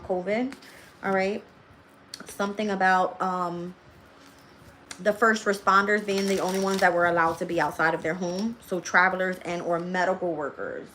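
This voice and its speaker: A woman's voice: on the low side, fairly bright tone. A woman reads tarot on a casual live stream and talks straight to her viewers. She speaks loosely with slang, laughs often and swears freely. A faint noise sits under her voice.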